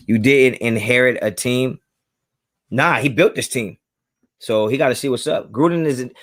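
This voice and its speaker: Speaking at a medium pitch with a fairly bright tone, a man hosts a live sports fan stream. He addresses his chat directly, keeps things casual and emphatic, and circles back to repeat his points.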